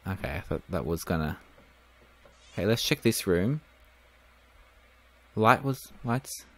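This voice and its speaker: A man's voice: low-pitched, animated, unhurried. A man giving casual let's-play commentary, thinking aloud and swearing now and then. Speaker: gaming video host.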